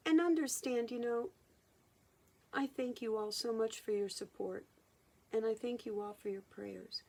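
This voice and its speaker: A woman hypnotherapist speaking in a personal vlog monologue, halting and reflective, often restarting her sentences. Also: fairly high pitch, gravelly, darkish tone. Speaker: hypnotherapist and channeler.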